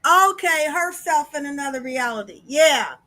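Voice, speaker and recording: A high, bright woman hosting a spiritual podcast in an animated, chatty way. She talks straight to her listeners and calls them y'all. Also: normal speed. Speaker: podcast host. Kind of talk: casual spiritual podcast talk.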